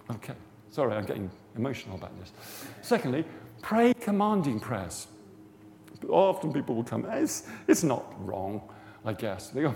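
Teaching on healing prayer, this man speaks briskly at medium pitch with big pitch swings, vocal fry, and a slightly mellow tone. His informal sermon is chatty and story-driven and climbs to fervent emphasis, heard through long hall reverb with faint background noise.

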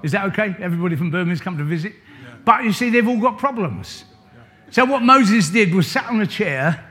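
A man's voice: high-pitched, lively intonation, brisk. An older man preaching an informal sermon, telling a Bible story in a chatty way and asking the congregation questions. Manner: chatty, asks the congregation questions, varies loudness a lot. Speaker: church leader.

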